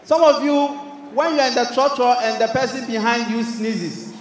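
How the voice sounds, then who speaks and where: A young Ghanaian man with a Ghanaian English accent doing animated stand-up comedy, acting out characters with shouts. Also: very high voice, moderate pace, roomy sound, in a large hall. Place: large hall with live audience.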